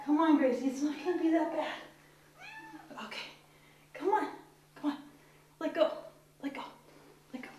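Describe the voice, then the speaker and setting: A woman's voice: high-pitched, a little hiss or hum. A woman filming herself at home, chatting casually and talking soothingly to her cats. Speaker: vlogger. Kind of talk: casual self-filmed home video chat. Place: bathroom at home. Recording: echoey tiled bathroom, camera far off.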